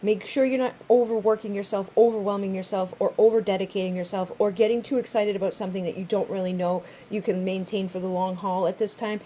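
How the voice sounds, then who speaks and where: A woman's voice: mid-range voice, dark tone, slight background noise. A woman giving a casual spoken tarot reading to viewers, chatty and swearing freely, often acting out little quoted voices. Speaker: tarot reader.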